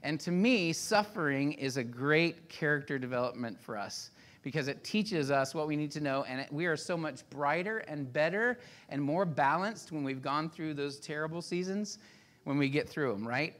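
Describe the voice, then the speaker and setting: Fifties pastor guy preaching casual, kinda high bright voice, jokes on himself. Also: normal speed. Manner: casual, self-deprecating storytelling. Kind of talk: sermon.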